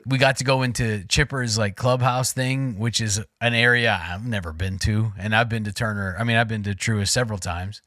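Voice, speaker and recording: A man in his forties, a podcast co-host, telling a long personal story in casual chat, rambling and excitable with many fillers and restarts. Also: fairly low pitch, normal speed, few pauses, dry recording, studio quality. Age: 40s.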